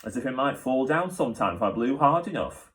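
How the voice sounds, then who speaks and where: A man's voice: medium pitch, expressive, brisk, a bit bright, voice pushed up, close to an everyday voice. A man reading aloud and voicing a chatty, cheerfully boastful male wolf in a storybook. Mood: eager. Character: boastful hopeful black wolf, male adult.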